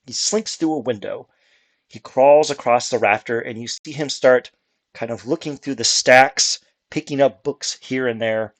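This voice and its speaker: A man runs a tabletop game as game master, narrating scenes in a casual, chatty manner that is full of small fillers. His voice sits at a medium pitch.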